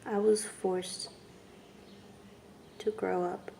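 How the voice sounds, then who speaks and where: Soft-spoken, halting young woman. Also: mid-range voice, little pitch movement, gravelly, slight background noise. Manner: halting and soft, with long pauses and trailing whispers. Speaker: vlogger. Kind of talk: personal testimony vlog.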